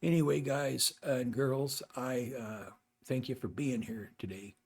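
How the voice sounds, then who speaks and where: A man's voice: medium pitch, steady tone, gravelly, a little mellow, husky. Rambling older man talking to camera. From North America. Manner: rambling, halting, with many restarts and fillers. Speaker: channel host. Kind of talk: casual talk to camera.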